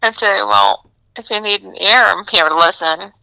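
A podcast guest tells a made-up scene with playful glee, speaking her own lines in character between giggles. Her voice is very bright, with a sharp edge. It sounds dry and close, with no room around it. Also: mid-range voice, moderate pace, gravelly, no echo, rough recording. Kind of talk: playful role-play storytelling.

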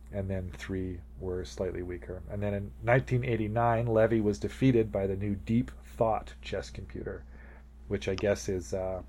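Male podcast co-host, casual rambling chat, low voice. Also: dark tone, slight background noise. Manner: rambling, laughs often, retells scenes animatedly.

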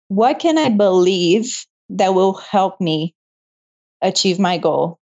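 A young woman talks with a guest's openness, her telling emotional and full of quick laughter. The sound is a little dull and lo-fi, like a modest home setup. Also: mid-range voice. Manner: laughs often, emotional and animated. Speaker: interview guest, medical student. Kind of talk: casual interview storytelling.

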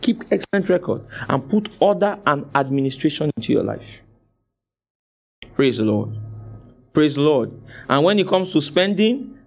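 Male preacher, slightly high voice, drives points home through repetition and asks the congregation to answer back. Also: darkish tone. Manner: exhorting, call-and-response with the congregation; repeats phrases for emphasis. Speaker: pastor. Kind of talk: sermon.

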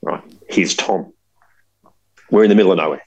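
A man hosts a podcast and spins a long tale, with plenty of "like" and "right?" as he goes. His voice sits on the low side, and he talks in a loose, animated way. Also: normal speed, poor audio. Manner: animated, rambling, full of fillers and asides. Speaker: podcast host. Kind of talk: casual storytelling.

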